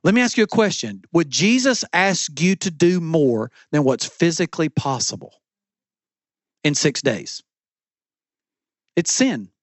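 A man's voice: fairly high pitch, lively intonation, measured pace, pauses often, no echo. A middle-aged man preaching a sermon as pastor from a church stage, with an emphatic, repetitive cadence.

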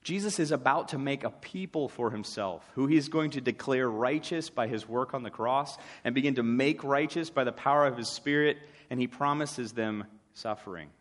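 A man's voice: medium pitch, normal speed, few pauses. A man preaching a sermon, conversational and wry, slipping into short acted asides.

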